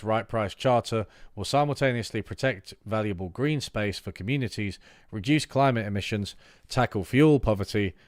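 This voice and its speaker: A low-pitched man streams himself reading a political manifesto aloud. He breaks off into casual, halting asides full of fillers. His voice sounds close and dry, with no room sound. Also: smooth, dry recording. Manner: reads text aloud, then breaks off into loose asides with fillers. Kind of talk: livestream reading aloud with commentary.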